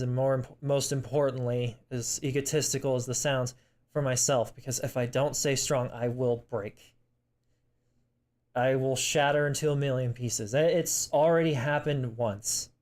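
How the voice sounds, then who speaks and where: A man's voice: mid-range voice, a little mellow. Young man, vlog confession, shaky and tearful, stumbling restarts, swearing, apologetic. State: emotional, tearing up. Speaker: vlogger.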